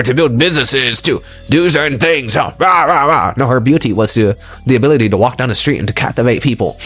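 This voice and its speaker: A man's voice: mid-range voice, slightly rough. A man giving a motivational audio lecture, emphatic and preachy, repeating his points for stress. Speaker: lecturer on relationships.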